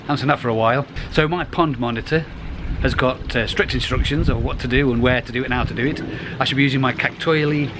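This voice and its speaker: A middle-aged man talks casually beside his pond outdoors. His voice sits at a middle pitch, and he rambles along, restarting half his sentences. Faint outdoor noise runs underneath. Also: quick pace. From United Kingdom. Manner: rambling and chatty, restarts phrases. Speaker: koi pond vlogger. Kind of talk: casual vlog.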